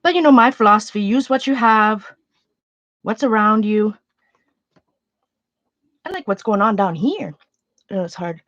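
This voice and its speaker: A woman hosts a casual livestream while painting, her mid-range voice expressive, a bit bright and unhurried, with long pauses. She chats and rambles, greets viewers, thinks aloud and sniffles, and the sound is dry, slightly muffled and free of room echo.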